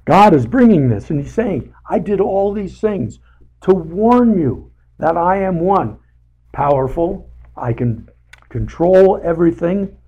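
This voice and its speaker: A man leading a casual Bible study, talking haltingly with many fillers and restarts, and putting emphasis on paraphrased scripture. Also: sits high, lively intonation, mellow, husky, highs cut off.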